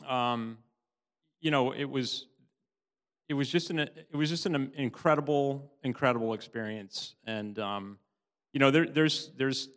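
A middle-aged man giving a tearful, halting personal testimony in church. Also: mid-range voice, a bit bright. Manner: halting, many restarts, laughs often. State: tearful, sobbing at times. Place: church hall. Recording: long hall reverb.

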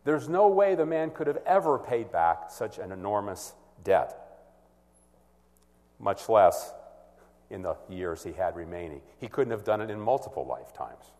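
Male preacher, mid-pitched, lively rise and fall, earnest expository delivery, long hall reverb. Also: measured pace. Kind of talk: sermon.

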